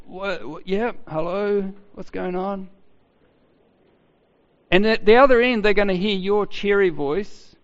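A man preaching a sermon in a chatty, halting way, often restarting his sentences. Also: on the high side. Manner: conversational, halting with many restarts. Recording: dull sound with long hall reverb.

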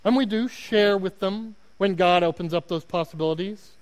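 A man's voice: sits high, normal speed, clear, resonant tone. A man with an Oklahoma accent preaching a sermon as a guest pastor, earnest and self-deprecating, repeating words for emphasis. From Oklahoma, United States. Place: church. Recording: long hall reverb.

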